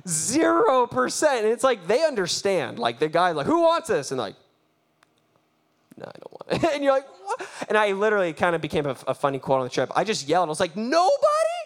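High-voiced animated male preacher. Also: fast talker, few pauses. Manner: animated, laughing, acts out his own reactions. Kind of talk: sermon storytelling.

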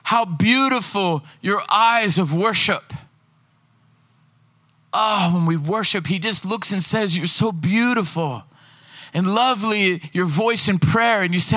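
A man preaching a lively sermon in a high, bright, forceful voice. He reads scripture aloud and acts out short bits of dialogue, sometimes rushing ahead and sometimes slowing right down. His delivery stays animated and emphatic throughout. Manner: animated, fast and slow in turns, acts out voices.

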